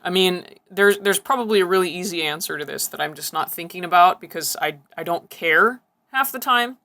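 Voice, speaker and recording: A woman's voice: fairly low pitch, brisk, pushed and bright. Profane, giggly woman reacting to clips. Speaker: reaction video host. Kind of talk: casual reaction commentary.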